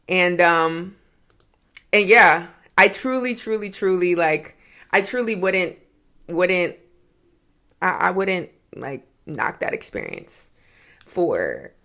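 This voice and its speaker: A young woman from Georgia, hosting her podcast from her home office and telling a story in a chatty, excitable way. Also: on the low side. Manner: chatty, excitable, many "like" fillers. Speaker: podcast host. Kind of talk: casual storytelling monologue.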